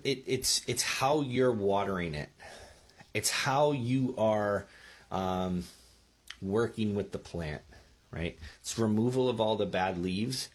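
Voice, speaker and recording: Man, gardening advice host, lowish husky voice, casual and chatty, keeps asking "okay?". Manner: chatty, checks in with frequent "okay?" and "right?". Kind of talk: casual instructional talk. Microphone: speaking into a microphone.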